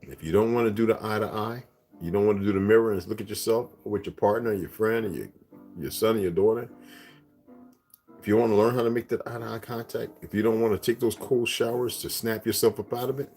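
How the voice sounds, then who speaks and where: A man's voice: lowish voice, fairly even intonation, fast, darkish tone, faint music behind. A man hosting a casual livestream, rambling and profane, laughing often as he talks. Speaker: livestream host.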